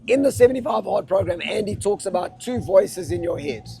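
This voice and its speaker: Gravelly man giving a pep talk. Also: sits high, expressive, a little fast, mellow, faint music behind. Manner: casual, slangy, direct, audience-engaging. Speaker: motivational speaker. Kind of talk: live motivational talk to a festival audience. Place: festival talk space with a live audience.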